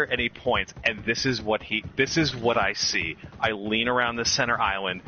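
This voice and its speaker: A man tells a story casually and animatedly, laughing often and acting out the lines of customers and other people. His mid-range voice runs a little fast with hardly any pauses. The lo-fi audio is slightly dull, with faint background noise.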